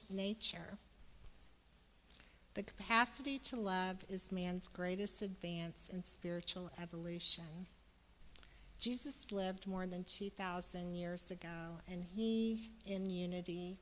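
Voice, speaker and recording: A woman giving a Sunday sermon, speaking slowly and gently, then growing loud and exuberant as she leads the congregation. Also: on the low side, fairly even intonation, slight background noise. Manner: slow, gentle preaching that turns loud and exuberant when leading the congregation. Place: church sanctuary. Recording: reverberant church hall.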